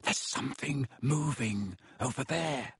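A man reading as a hushed teenage boy wizard. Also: mid-range voice, measured pace, dry recording, clean studio sound, exaggerated voice. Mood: tense. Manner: hushed, breathy whispering. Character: wary teenage boy wizard, tense and quiet.

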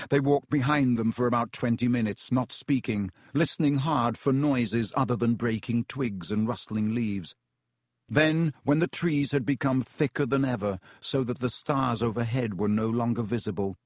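Male audiobook narrator, measured, dry studio read. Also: medium pitch, no room sound. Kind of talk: scripted narration.

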